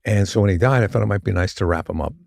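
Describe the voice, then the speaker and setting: A man guest on a talk show, telling a meandering comic story in a deadpan way. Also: fairly low pitch, very fast, creaky, dry recording, clean studio sound.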